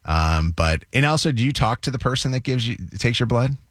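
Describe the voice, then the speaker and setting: A man's voice: mid-range voice, lively intonation, fairly quick, no echo, studio quality. A man hosting a call-in radio show, chatting casually and laughing easily with callers.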